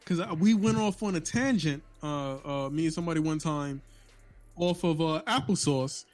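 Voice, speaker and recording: A man's voice: fairly high pitch, normal speed, a little mellow, faint music behind. A man with a New York accent co-hosting a casual podcast, talking loosely with lots of restarts, cursing and laughing. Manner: loose, profane, laughing storyteller with many restarts. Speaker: podcast co-host.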